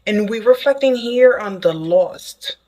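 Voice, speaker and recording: A woman giving a casual spoken tarot reading to the viewer, excitable and chatty, who keeps checking in with "okay?". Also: medium pitch, measured pace, rough recording. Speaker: tarot reader.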